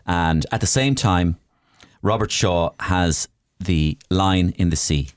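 A man chatting as a guest, an animated storyteller who acts out scenes with sound effects. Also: sits low, slow pace, clear, resonant tone, dry recording, clean studio sound. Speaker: guest, comedian and impressionist. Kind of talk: casual chat.

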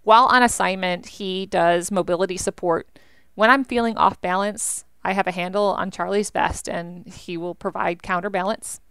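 A young American woman talks as an interview guest, chatty and animated, dropping plenty of "like". Her voice is very clear and smooth. It sits close and dry. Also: mid-range voice, normal speed, no room sound. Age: young adult. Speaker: veteran guest. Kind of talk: interview conversation.

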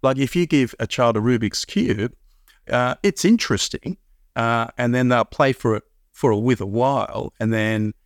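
A man's voice: medium pitch, moderate pace, dry recording, studio quality. A middle-aged Australian man, a guest on an interview show, explaining at length with many restarts and fillers. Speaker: math curriculum founder, guest. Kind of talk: casual interview talk.

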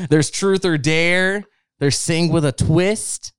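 A man's voice: on the high side, slow pace, clean tone, dry recording. Playful laughing male host. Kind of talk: casual chat. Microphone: studio mic.

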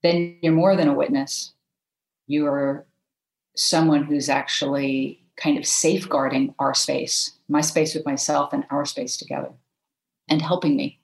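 A woman podcast guest speaking in a thoughtful, halting way, often restarting her phrases. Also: deep voice, little pitch movement, creaky. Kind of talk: conversational podcast chat. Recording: roomy echo.

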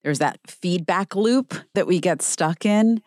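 A woman's voice: on the low side, measured pace, a little mellow, no echo, clean studio sound. A woman hosting an interview, asking questions with an empathetic, encouraging manner. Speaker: podcast host.

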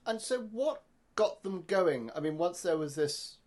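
A man's voice: high-pitched, expressive, measured pace, a little mellow. A man hosting a book podcast, asking questions in a hesitant way, often restarting and repeating words. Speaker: podcast host. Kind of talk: interview questions.

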